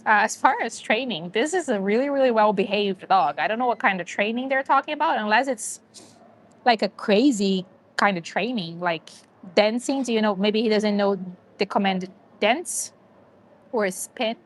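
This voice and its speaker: A woman's voice: medium pitch, normal speed. A woman hosting a casual livestream, chatting to viewers and a dog and laughing often. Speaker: livestream host.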